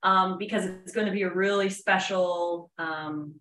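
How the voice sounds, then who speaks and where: A woman's voice: lowish voice, steady tone, measured pace, a bit bright, distant mic. Explaining woman in an echoey room. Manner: explanatory, precise about steps. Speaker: recipe author and cooking show guest. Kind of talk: casual chat.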